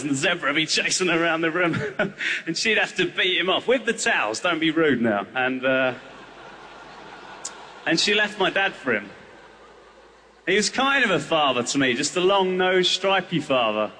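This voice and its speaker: A man's voice: on the high side, pushed and bright, a little hiss or hum. A man in his thirties from England, performing a whimsical, rambling surreal stand-up routine on a comedy club stage. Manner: whimsical, rambling, jumping into silly character voices.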